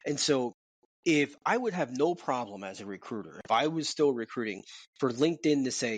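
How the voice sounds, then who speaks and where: A man co-hosting a podcast from his home office, talking in an animated, casual way with repeats and swearing. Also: mid-range voice, moderate pace, breathy edge, no room sound. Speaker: podcast co-host. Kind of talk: casual chat.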